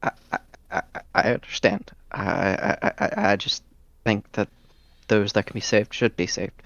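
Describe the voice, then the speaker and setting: Man doing a timid stuttering young elf, gravelly low voice, dull lo-fi mic. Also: sing-song, a bit bright, no echo, exaggerated voice. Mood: nervous. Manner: stammering, halting.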